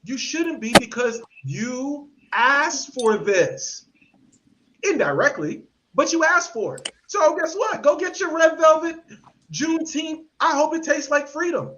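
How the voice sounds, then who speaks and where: A man hosts a podcast with a podcast mic, delivering opinionated commentary and animatedly acting out the voices of people he quotes. His voice is very high-pitched and a little slow, with the highs cut off.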